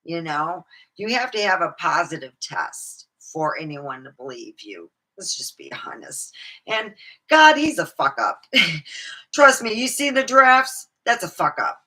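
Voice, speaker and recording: A woman's voice: lowish voice, sing-song, measured pace, pushed and bright. A woman talking alone in her room in a rambling, swearing vlog monologue, laughing at her own jokes. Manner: rambling, swearing, jumps between topics. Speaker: vlogger.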